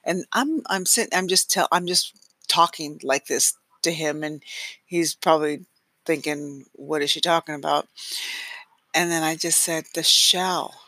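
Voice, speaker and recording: A middle-aged woman hosts her own podcast and tells a family story in a loose, chatty monologue, laughing often and restarting sentences. Her voice is bright and a little breathy. The recording is close and dry. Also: low-pitched, a little slow, no room sound. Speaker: podcast host.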